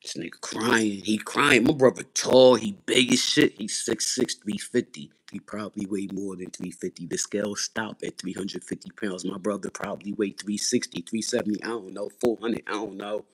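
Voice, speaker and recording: Husky low-voiced man, intense. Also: fairly even intonation, normal speed, hardly any pauses. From Philadelphia, USA. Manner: intense, repetitive, blunt and profane. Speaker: livestream host. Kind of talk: raw personal testimony on a livestream.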